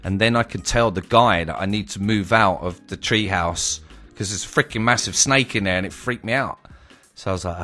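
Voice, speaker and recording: A young man casually telling a personal story, animated and vivid, swearing freely. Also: deep voice, normal speed, faint music behind.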